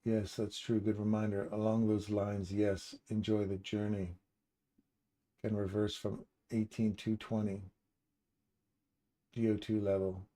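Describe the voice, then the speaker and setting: A man's voice: lowish voice, flat delivery, measured pace, long pauses, warm tone. A man casually commenting on a live trading stream, reading out and answering viewers' chat messages by name. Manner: upbeat and chatty, laughs easily.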